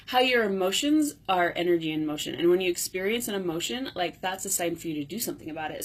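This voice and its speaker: A woman's voice: lowish voice, husky. A woman life coach talking casually to viewers on a live video from her home, rambling and correcting herself as she goes. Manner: rambling and chatty, self-correcting. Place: home indoors.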